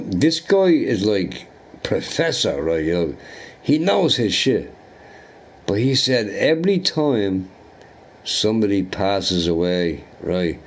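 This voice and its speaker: A man chatting casually while streaming a game, rambling and swearing through animated rants and asking "right?" often. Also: fairly low pitch. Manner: profane, ranting, animated opinions with frequent "right?".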